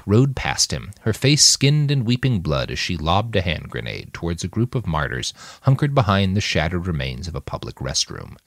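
A man narrating an audiobook in an expressive storytelling manner. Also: lowish voice, no echo, clean studio sound.

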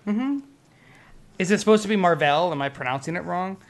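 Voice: mid-range voice, expressive, fairly quick. A podcast co-host reading an old poem aloud with theatrical flair and some stumbles, then chatting in a teasing, emphatic way.

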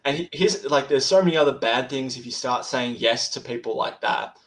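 A man's voice: medium pitch, fairly quick, fairly bright tone, rough recording. A man speaking as a podcast guest in an easy conversation. His voice sits mid-range and he often stalls and restarts words. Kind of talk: casual interview chat.

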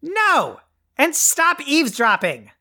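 A pompous, greedy evil overlord, toppled from power, played by a woman. He speaks in a grand, haughty, dryly theatrical way, at a middling pitch. It comes from a comedy audio play. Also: expressive, moderate pace, fairly bright tone, close to an everyday voice. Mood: irritated.

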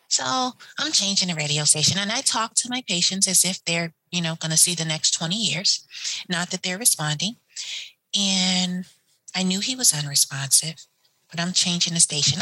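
Husky-voiced hospice nurse telling a story. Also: female voice, fairly low pitch, moderate pace, dry recording, low-quality recording. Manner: animated, acts out voices in her story. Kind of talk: personal storytelling.

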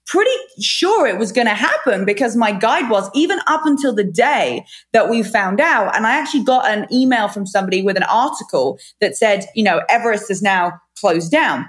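A woman's voice: mid-range voice, animated, normal speed, hardly any pauses. A woman in her thirties, a fitness trainer and author, telling her story frankly in a casual interview, swearing now and then. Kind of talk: candid conversational storytelling.

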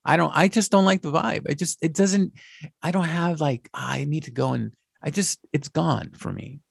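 A man in his fifties chatting casually and rambling about the old days, with a gravelly, slightly husky voice and animated bursts. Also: a little high, normal speed, dry recording, clean studio sound. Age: 50s. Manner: animated, rambling, slips into Spanish exclamations. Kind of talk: casual chat.

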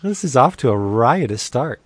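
Dry-miked man doing a playful pitch. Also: sing-song, moderate pace, dry recording. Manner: playful pitchman reading deals. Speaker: podcast host. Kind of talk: casual podcast chat with ad reads.

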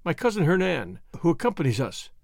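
A man's voice: fairly high pitch, sing-song, fairly quick, vocal fry, a little mellow, no room sound. Young woman pledging loyalty, earnest and solemn, read by a man, dry booth sound. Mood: tender. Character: devoted young woman, tender and resolute.

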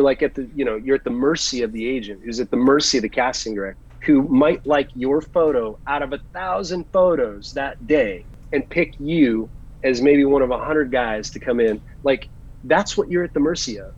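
Husky-voiced man telling actor stories. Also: medium pitch. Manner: animated storyteller, chatty and earnest. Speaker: guest actor. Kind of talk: casual interview chat. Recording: dull lo-fi sound.

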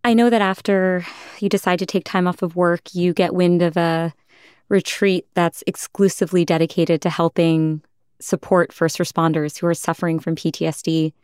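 A woman hosting a podcast, speaking gently and reflectively, affirming and questioning her guest. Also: fairly low pitch, flat delivery, normal speed, smooth, dry recording, studio quality. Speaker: podcast host. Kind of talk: empathetic interview talk.

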